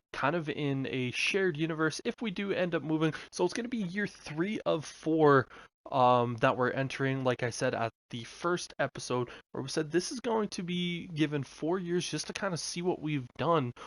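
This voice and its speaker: A man's voice: medium pitch, no room sound, low-quality recording. A young man giving casual, chatty commentary over his video game, talking loosely with fillers. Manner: relaxed, chatty, with filler words. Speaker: gaming YouTuber.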